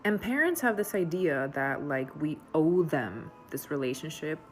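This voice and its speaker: Low-voiced woman, earnest and reflective. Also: lively intonation, moderate pace, soft background music. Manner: earnest, thoughtful, conversational. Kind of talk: reflective commentary.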